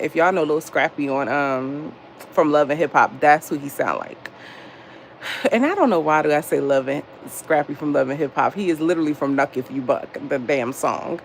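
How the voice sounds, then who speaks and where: Woman in her thirties, livestream host; gravelly, profane, chatty, talks straight to her audience. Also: slight background noise. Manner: lively storytelling, frequent jumps in pitch. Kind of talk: casual livestream chat.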